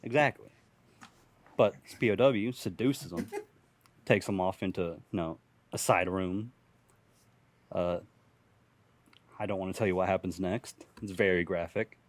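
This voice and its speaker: A man's voice: low voice, a little slow, long pauses. A young man telling an improvised comic story on a podcast, rambling and profane, often laughing at his own jokes.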